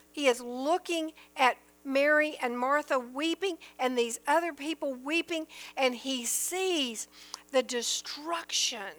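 A woman with a high voice gives an earnest Bible teaching. She talks at an unhurried pace, reading verses aloud and stressing the key points. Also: a bit bright. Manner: earnest and emphatic, reads scripture aloud then explains it. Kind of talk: sermon-style Bible teaching.

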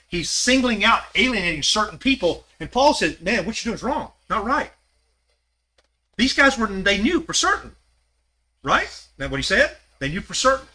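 A man's voice: sits high, bright, forceful tone. An older man teaching a Sunday Bible class, conversational and questioning his listeners, acting out scripture quotes as he goes. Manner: acts out scripture quotes with shifting voice.

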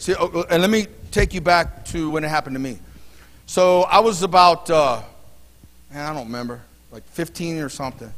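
Male pastor, high voice, casual storytelling sermon, long church reverb. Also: a bit bright. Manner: conversational preaching with personal stories, fillers and restarts. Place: church sanctuary.

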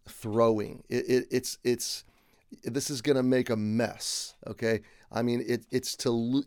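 A man's voice: mid-range voice, a little mellow, no room sound. Earnest man teaching scripture, dry sound. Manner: earnest, often checks in with "okay?" and restarts phrases. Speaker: Bible teacher. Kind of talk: conversational Bible teaching.

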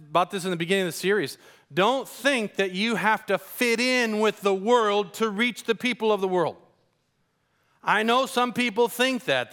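A man preaching a sermon as a pastor, telling stories in a conversational, animated way with casual slang. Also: high voice. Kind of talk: sermon with storytelling.

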